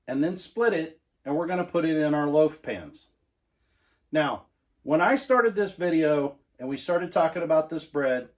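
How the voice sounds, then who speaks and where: Folksy man joking through a cooking demo. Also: fairly high pitch. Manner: joking, folksy, self-mocking. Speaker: homestead cooking host. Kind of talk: casual cooking demonstration. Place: home kitchen.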